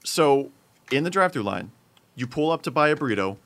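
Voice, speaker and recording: A young man casually telling a story from his fast food job to friends, getting animated and loud at the peaks. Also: medium pitch. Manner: animated, builds up to loud exclamations. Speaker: storyteller in a group chat.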